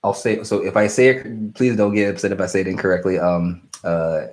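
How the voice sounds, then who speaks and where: A man's voice: low-pitched, fairly even intonation, a little fast. A young man hosting a casual live stream, rambling and apologetic as he answers viewer questions. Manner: rambling, self-interrupting, apologetic.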